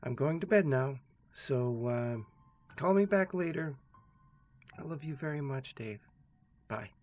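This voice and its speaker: A man's voice: medium pitch, animated, unhurried, darkish tone, pitched above the performer's own voice. A man voicing a frightened young woman leaving voicemails, stammering and pleading. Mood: sleepy, affectionate.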